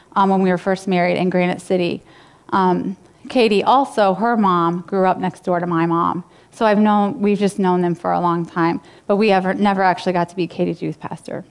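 With a clear, resonant, medium-pitched voice, a woman pastor talks to her congregation conversationally. She retells a story in her casual sermon, dropping in fillers along the way.

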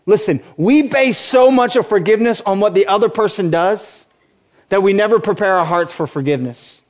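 A man's voice: high-pitched, expressive, brisk. A man in his forties, a pastor preaching a sermon with passion, building to emphatic peaks and breaking off into playful asides.

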